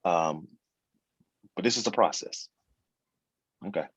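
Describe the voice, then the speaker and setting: A man's voice: low-pitched, slow pace, breathy edge, dry recording. A man coaching on a podcast intro in a chatty way, talking through examples. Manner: chatty, uses spoken examples. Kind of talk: casual coaching chat.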